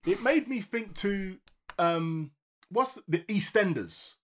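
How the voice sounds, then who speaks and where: Man, podcast co-host, high lively voice, slangy chat that loops back on itself. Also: slow. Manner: animated, slangy, repeats himself. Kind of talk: casual banter.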